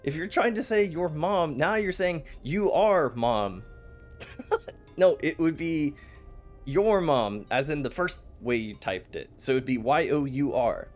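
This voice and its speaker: A man's voice: on the high side, lively intonation, measured pace, soft background music. A man streaming a game, chatting casually with his chat, playful and teasing, often laughing and stammering. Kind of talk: casual live-stream chat while gaming.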